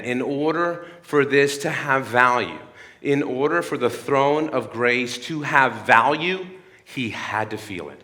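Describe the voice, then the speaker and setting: A man's voice: mid-range voice, animated, unhurried, pushed and bright, in a large hall. A man in his thirties giving an earnest sermon-like talk at a church. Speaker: speaker at a church. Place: church hall.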